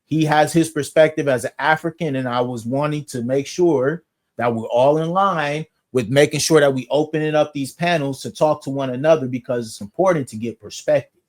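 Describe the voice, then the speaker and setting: A man hosting a casual podcast panel debate, talking quickly and reading dictionary definitions aloud to settle an argument. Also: a little high. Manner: fast, easygoing, reads definitions aloud. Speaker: podcast host.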